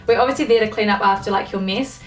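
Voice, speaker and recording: A woman's voice: medium pitch, quick pace, faint music behind. Young woman ranting, roomy distant sound. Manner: swears a lot, filler-heavy, exasperated. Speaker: vlogger. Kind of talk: casual ranting monologue. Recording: echoey room, mic at a distance.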